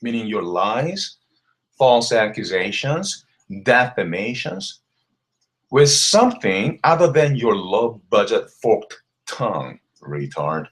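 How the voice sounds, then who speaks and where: A man's voice: medium pitch, big pitch swings, slow pace. A man delivering a mocking, scornful rant to the camera, laughing between insults. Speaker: vlogger. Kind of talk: ranting callout video.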